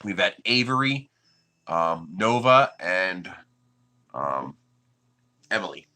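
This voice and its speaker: A man's voice: deep voice, sing-song, slow pace, pushed and bright. A man from the United States hosting a 3D printing livestream, chatting casually with his viewers and chuckling often.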